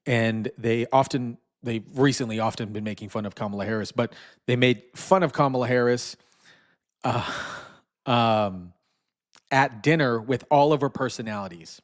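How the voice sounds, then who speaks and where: A man's voice: medium pitch, moderate pace. A man hosting a live stream, casually commenting and mocking with frequent chuckles. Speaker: streamer host.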